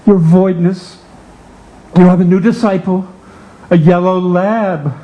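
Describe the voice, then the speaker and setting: Man playing a reverent, formal wife, fairly high voice. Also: fairly even intonation, slow, lo-fi sound. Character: deferential devoted wife.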